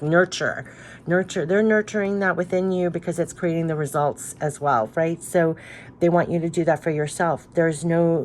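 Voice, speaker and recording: A woman's voice: low-pitched, a little mellow, a little hiss or hum. A woman giving a spiritual tarot card reading, talking in an earnest, emotional, rambling way with many restarts.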